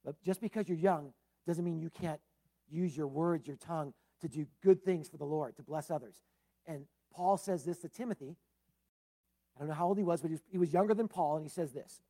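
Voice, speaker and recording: A man preaching as a pastor speaks briskly, moving back and forth between loud, emphatic lines and soft, low ones. Casual fillers like "uh" and "man" pop up throughout.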